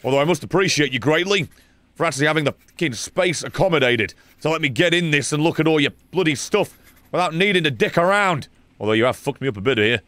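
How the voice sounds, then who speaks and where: A young man playing a video game and commenting as he goes, sarcastic and swearing, dropping to mutters and then shouting. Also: a little high, lively intonation, fast, no echo. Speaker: gaming streamer.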